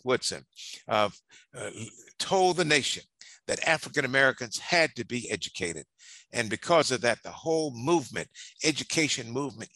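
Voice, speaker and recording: An older man giving a speech on history, in a preacher's cadence that swells and slows for emphasis. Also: medium pitch, creaky, pushed and bright, dry recording. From North Carolina.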